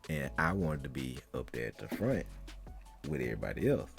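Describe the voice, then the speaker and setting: A young man, chatting casually and telling family stories with deep-voiced quotes. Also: very animated, brisk, vocal fry, soft background music. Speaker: podcast guest, sibling. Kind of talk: casual chat.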